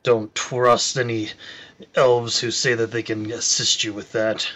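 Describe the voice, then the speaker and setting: Male player, in-character role-play, steady mid voice, lots of uh's. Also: mid-range voice, unhurried.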